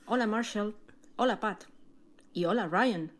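A woman's voice: mid-range voice, normal speed. A woman from Spain reading a cheerful recorded greeting to a podcast as a listener. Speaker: listener sending a message.

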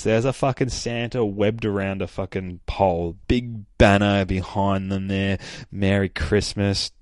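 Excited guy swearing nonstop on his podcast, lowish voice, dry close sound. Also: no echo. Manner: excitable, heavily profane. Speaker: podcast host. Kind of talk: casual enthusiastic chat.

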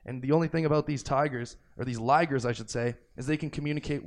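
Male podcast guest, casual and profane, animated storyteller. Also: medium pitch, quick pace. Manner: swears freely, excitable and jokey.

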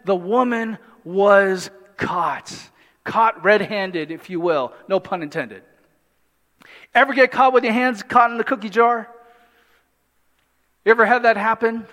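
A man preaching a sermon in an animated way, with humorous asides and acted-out voices from the story. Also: extremely high pitch. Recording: long hall reverb.

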